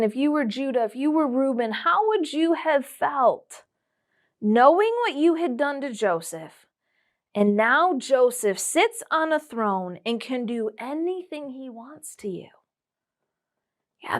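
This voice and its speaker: A woman with a fairly high voice tells a Bible story to children at church. She speaks in an animated way, drops into a hush on the tender moments, and keeps asking the kids questions.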